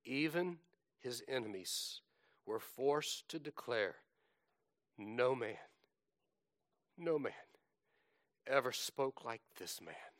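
Slow, dramatic male preacher. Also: mid-range voice, animated, fairly bright tone, no room sound, studio quality. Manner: slow, dramatic recitation that swells and drops. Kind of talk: sermon reciting scripture.

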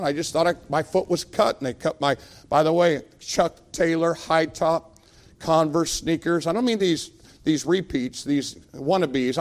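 A middle-aged man preaching to a congregation, with a high voice and a gravelly rasp. He tells his story in an animated way, acting out each voice and laughing along as he goes. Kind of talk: storytelling sermon.

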